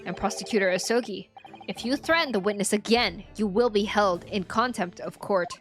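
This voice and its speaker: A woman voicing a stern older male judge, reading game dialogue in a formal, deliberate way. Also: medium pitch, faint music behind, natural voice.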